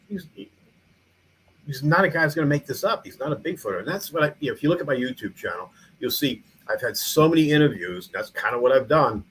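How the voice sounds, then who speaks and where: A man's voice: mid-range voice, fairly bright tone, a little hiss or hum, low-quality recording. Rambling middle-aged man telling stories. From New York. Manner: rambling, frequent restarts and fillers. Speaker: museum founder and mayor. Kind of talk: casual podcast interview.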